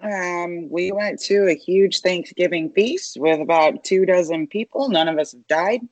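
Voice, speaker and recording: Podcast co-host, casual chat, deadpan joking, middle pitch, dry close sound. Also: measured pace, no echo.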